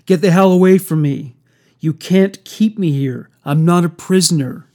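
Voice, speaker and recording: A terrified young woman trapped in a stranger's home, panicked and pleading as a horror story is read aloud, with a man putting on her voice. Her voice sits a little high. The lines come out slow and drawn. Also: mellow. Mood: furious.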